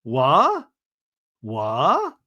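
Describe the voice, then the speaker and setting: A man putting on an excitable reality-TV woman, squealing in over-the-top exclamations. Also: mid-range voice, very slow, no echo, muffled recording, heavily acted. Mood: aggrieved venting. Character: gushing excitable reality-TV woman, shrieking in disbelief.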